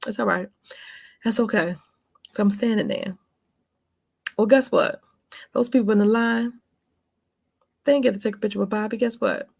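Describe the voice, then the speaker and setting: Chatty gravelly-voiced woman in her forties. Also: medium pitch, fairly even intonation, normal speed, pauses often, darkish tone, no echo, studio quality. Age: 40s. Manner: chatty, emphatic, speaks to viewers as "honey" and "baby". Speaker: vlogger. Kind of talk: casual storytelling to camera.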